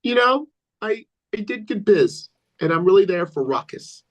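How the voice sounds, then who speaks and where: A man's voice: sits high, sing-song, moderate pace, low-quality recording. Rambling male ring announcer on a podcast. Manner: rambling, repeats himself, acts out quotes. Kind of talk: casual chat, storytelling.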